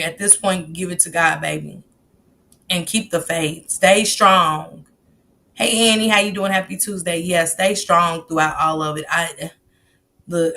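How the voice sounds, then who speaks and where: A woman's voice: fairly low pitch, pushed and bright. A middle-aged woman hosting a casual livestream, greeting chat viewers by name in loose, slangy talk. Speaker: livestream host.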